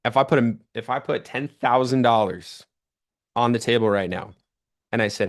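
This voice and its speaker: A man's voice: mid-range voice, normal speed. A young man giving a sales training talk to an audience, telling stories and acting out the people he quotes. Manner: animated storytelling, acts out quoted voices.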